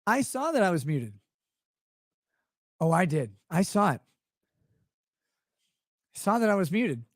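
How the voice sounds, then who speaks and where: A man's voice: sits high, big pitch swings, a little slow, no echo, clean studio sound. A man hosting a livestream, ranting in a rambling, sarcastic and profane way into a desk microphone. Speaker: show host. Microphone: streaming desk microphone.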